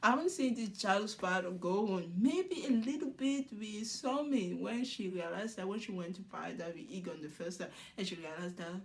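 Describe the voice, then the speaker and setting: A woman's voice: medium pitch, moderate pace, hardly any pauses. A woman recapping a show episode in casual commentary, laughing often and acting out the cast's lines. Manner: laughs often while retelling scenes; acts out cast members' lines in quotes.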